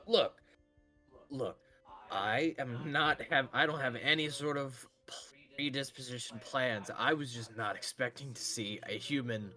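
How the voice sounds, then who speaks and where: A man doing a burly slave dealer with an elf's height and a dwarf's build, gruff and defensive and quick to curse. His delivery is slow and unhurried, with a faint hum of music underneath. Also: medium pitch, pushed and bright. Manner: defensive, blunt, cursing.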